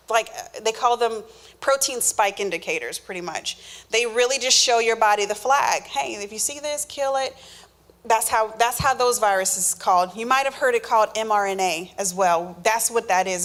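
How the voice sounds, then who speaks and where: A woman's voice: on the high side, a bit bright. A woman answering health questions in an informal Q&A, explaining step by step with fillers and small restarts. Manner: explanatory, many fillers and restarts, acts out the body talking.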